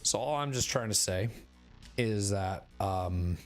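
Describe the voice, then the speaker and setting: Hoarse rambling male streamer. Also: on the low side, soft background music. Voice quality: raspy. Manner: rambling, filler-heavy, halting. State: hoarse, recovering voice. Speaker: game streamer. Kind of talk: casual chat to stream viewers. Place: bedroom at home.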